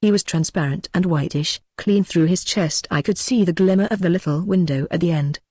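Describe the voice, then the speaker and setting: A man's voice: high-pitched, brisk, a little mellow, breathy edge, no echo, studio quality. A man voicing an earnest clubman telling a ghost tale. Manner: earnest, confiding storytelling. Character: earnest gentleman telling of his ghost encounter.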